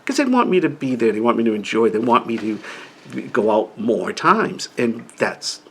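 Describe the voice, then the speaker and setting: A man's voice: mid-range voice, very animated, normal speed, husky. A middle-aged man talking casually about living with an inner-ear condition, rambling and restarting his sentences often. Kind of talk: casual personal talk to camera.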